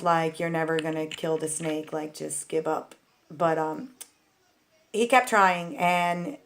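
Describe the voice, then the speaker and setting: A woman with a slightly low voice tells stories from her childhood in a loose, chatty vlog manner. She rambles and fills her sentences with "like" and "um". She talks candidly, straight to her viewers. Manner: rambling, full of "like" and "um" fillers. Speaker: vlogger. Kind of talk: casual storytelling.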